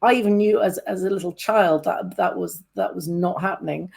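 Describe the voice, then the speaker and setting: Brief: woman in her fifties, low and husky voice, interview host who rambles and restarts. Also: normal speed, darkish tone. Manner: rambling, hesitant, many restarts. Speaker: podcast host. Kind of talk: casual interview chat.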